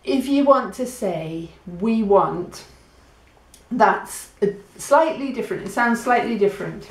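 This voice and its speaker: A woman teaching a Spanish lesson for beginners, repeating words slowly for learners. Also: a little high, lively intonation, roomy sound. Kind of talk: language lesson.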